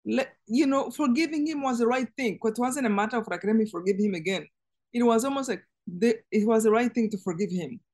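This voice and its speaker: Woman, higher voice, earnest, emotional, halting restarts, personal testimony. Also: a little mellow. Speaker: interview guest.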